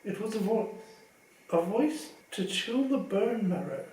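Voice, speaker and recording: A man reading a novel aloud in a measured, expressive storytelling manner. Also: sits high, echoey room, recorded from a distance, poor audio. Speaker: audiobook reader. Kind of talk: fan audiobook narration.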